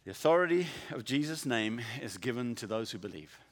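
A man preaching a sermon, with a dramatic delivery that swings from quiet to loud. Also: mid-range voice, big pitch swings, brisk, big-room sound. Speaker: pastor.

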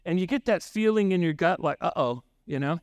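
A pastor with a high voice, recorded close and dry with no room sound. He preaches in an easy, chatty way and drops in "right?" to keep listeners with him. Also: quick pace, darkish tone, no room sound. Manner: conversational, frequent "right?" asides, acts out dialogue. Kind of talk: sermon with storytelling.

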